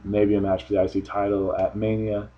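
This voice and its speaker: A man's voice: fairly low pitch, completely flat delivery, fairly quick, muffled recording. A man giving a casual solo review of a wrestling show, rambling offhand with frequent restarts.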